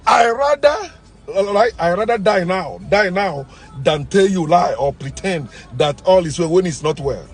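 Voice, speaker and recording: A Nigerian-accented man with a notably high-pitched voice rants straight to his audience, his delivery jumping from shouted outbursts down to low, muttered asides. Soft music plays faintly underneath. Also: animated, a little slow. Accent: Nigerian English. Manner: emphatic, swings between loud outbursts and low muttering. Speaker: channel host. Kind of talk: ranting monologue.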